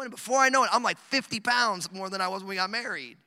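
High, bright-voiced preacher in an echoing hall. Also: male voice, fast. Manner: animated, joking storytelling with many fillers. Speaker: pastor. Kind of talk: sermon. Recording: echoey hall recording.

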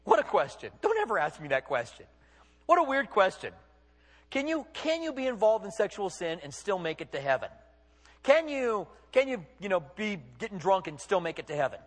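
High, animated preaching man in a reverberant hall. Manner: emphatic, rhetorical questions, acts out quotes. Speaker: pastor. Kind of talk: sermon. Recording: long reverb of a large hall.

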